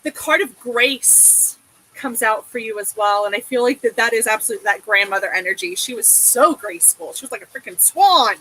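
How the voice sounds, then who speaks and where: Bright-voiced woman giving a tarot reading. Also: a little high, animated, normal speed, slight background noise, rough recording. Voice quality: emotive, sweary, reassuring. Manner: soothing, repeats "okay?". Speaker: tarot reader.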